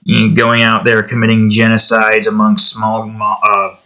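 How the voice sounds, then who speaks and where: A young man talks his way through a drawing session at home in a loose, rambling way, drifting off into asides. His voice is bright and forceful, and the talk is full of fillers and little tangents. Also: on the low side, monotone, normal speed. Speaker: digital artist and channel host. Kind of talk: casual rambling commentary while drawing. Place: at home indoors, with his cat nearby.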